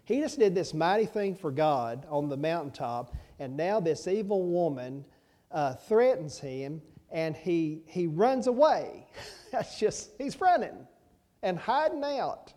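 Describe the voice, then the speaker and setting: A man delivers a sermon in a folksy, conversational way. He speaks at an unhurried pace, with a warm, mellow tone. He repeats his key lines and throws rhetorical questions at the listeners. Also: fairly high pitch, lively intonation. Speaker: pastor.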